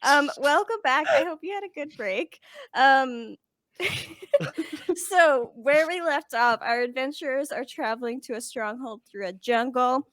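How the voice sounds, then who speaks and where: A woman's voice: high voice, measured pace, a bit bright, no room sound, clean studio sound. A woman narrating as dungeon master, chatty and giggly, with many ums as she recaps the story. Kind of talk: narrating a tabletop game.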